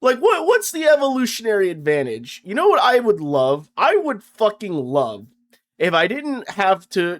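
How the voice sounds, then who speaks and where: Sarcastic high-voiced young man ranting. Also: a bit bright. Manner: sarcastic, profane, stammering restarts. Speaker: vlogger. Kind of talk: comedic rant to camera.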